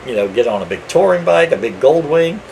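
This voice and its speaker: A middle-aged man chatting casually as a podcast co-host, telling rambling stories and getting animated when he quotes other people. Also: a little high, brisk, gravelly, slight background noise, low-quality recording. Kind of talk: casual chat.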